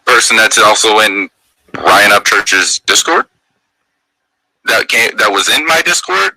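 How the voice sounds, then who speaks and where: A man hosts a livestream, ranting in a tense, sharp-edged voice that sits slightly low. He argues defensively and swears constantly. The sound is dry and close. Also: sing-song, measured pace, gravelly, long pauses, dry recording, rough recording. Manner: angry, profane, defensive ranting. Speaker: livestream host. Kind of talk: heated livestream argument.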